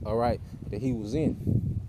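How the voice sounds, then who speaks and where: A man teaching scripture in a loose, conversational preaching style, stopping often to check in with "okay?" and "man." His voice sits at a middle pitch. Loud background noise runs under everything. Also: unhurried. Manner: casual preaching, tags lines with "man" and "okay". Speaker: teacher of a Bible study group. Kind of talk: informal sermon teaching.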